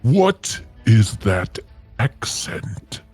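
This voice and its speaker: Man player, formal in-character voice, slow and lively in pitch. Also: breathy edge, soft background music. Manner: slow, stately and curious. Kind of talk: in-character role-play, formal old-fashioned speech.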